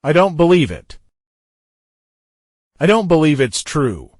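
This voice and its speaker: Lively-voiced man reading practice phrases. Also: on the high side, takes it slowly, no echo, studio quality. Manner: reads each short phrase, then a longer sentence. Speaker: English teacher. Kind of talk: reading example phrases for learners.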